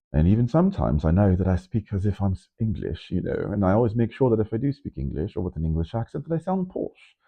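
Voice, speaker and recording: A man vlogging in a rambling, animated way, nervous on camera, who keeps jumping into sudden high, loud bursts. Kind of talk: casual vlog monologue. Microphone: microphone. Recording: narrow phone-like sound.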